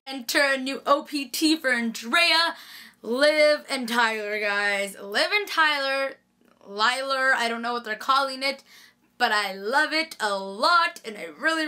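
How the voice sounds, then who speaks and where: Bright-voiced gushing young woman. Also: a little high. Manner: gushing, chatty, lots of "like". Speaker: TV recap vlogger. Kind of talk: casual TV episode recap.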